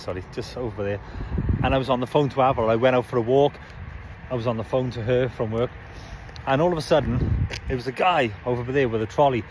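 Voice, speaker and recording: Man, slightly high voice, vlogging from a car park with faint traffic noise behind, animated storyteller playing out both sides of a row. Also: poor audio. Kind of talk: casual storytelling vlog.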